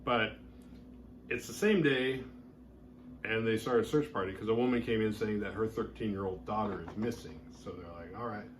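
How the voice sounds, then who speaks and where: A man's voice: fairly low pitch, moderate pace, a little hiss or hum. A man hosting a horror movie review show, recapping a film in a casual, rambling way with lots of filler words. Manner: rambling, heavy use of "like" fillers.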